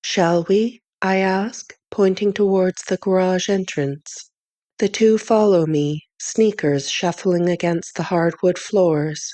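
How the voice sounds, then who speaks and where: A woman reads a first-person novel aloud in a measured, clear storytelling manner. Her voice sits on the low side, and the recording is dry and close with no room sound. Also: steady tone, mellow, dry recording. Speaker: audiobook narrator. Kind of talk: first-person audiobook narration.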